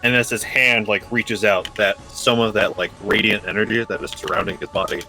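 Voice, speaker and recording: A man's voice: on the low side, steady tone, brisk, gravelly, bright, forceful tone, soft background music. A man playing a tabletop game, describing his character's moves with many fillers. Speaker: player.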